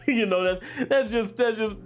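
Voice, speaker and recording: A man's voice: very high voice, wildly swooping pitch, takes it slowly. A middle-aged man from Baton Rouge with a Louisiana accent, hosting a casual fragrance livestream. He talks in a laid-back, chatty way and reads comments from the chat aloud.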